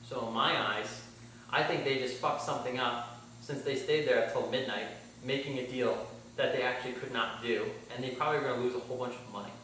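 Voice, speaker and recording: A man's voice: mid-range voice, fairly bright tone. A man telling a car-buying story in a casual vlog, blunt and swearing, acting out both sides of his conversations. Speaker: car vlogger. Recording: very echoey room, mic at a distance, faint background hum.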